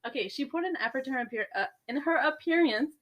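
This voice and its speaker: A woman's voice: high-pitched, quick pace, a bit bright. A young woman co-hosting a podcast, retelling a story in a casual, laughing, profane way. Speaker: podcast co-host. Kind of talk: casual chat.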